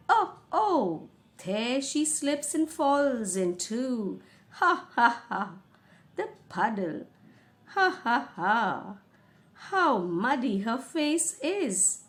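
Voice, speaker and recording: A woman's voice: high-pitched, full character voice. Woman reading as a cheerful laughing king. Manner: cheery and exclaiming, then mocking laughter. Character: cheerful, carefree adult male king.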